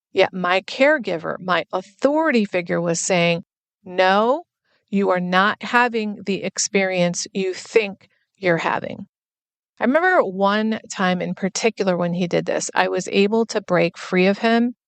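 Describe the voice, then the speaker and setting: Host woman, earnest and explanatory, vocal fry, dry close sound. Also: on the low side, no echo. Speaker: podcast host and recovery coach. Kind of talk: personal reflective monologue.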